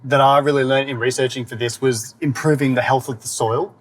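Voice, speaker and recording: A man's voice: medium pitch, fairly even intonation, fairly quick, slight background noise. A man hosting a casual podcast chat from inside a moving car, upbeat and enthusiastic. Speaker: podcast host.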